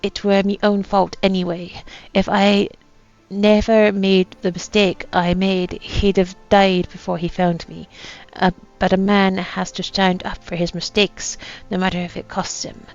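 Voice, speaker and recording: A woman putting on a gruff old pirate captain. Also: medium pitch, flat delivery, a little slow, lo-fi sound, faint music behind, lightly acted. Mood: rueful. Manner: put-on rough pirate accent with dropped grammar. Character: dying old male pirate captain, boastful and bitter. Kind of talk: reading a journal aloud in character.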